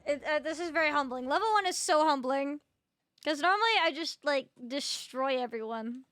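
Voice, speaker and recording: A woman's voice: high-pitched, moderate pace, a bit bright, no echo. A young woman streaming a video game, chatting casually with her viewers, swearing freely and sounding sleepy. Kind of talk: casual gameplay chat.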